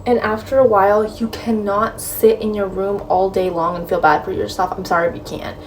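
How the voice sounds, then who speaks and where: A woman's voice: medium pitch, flat delivery, fairly quick. A woman giving frank, direct breakup advice in a casual talk, filling her speech with "like" and "right?". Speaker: advice vlogger. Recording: slightly distant mic with faint room noise.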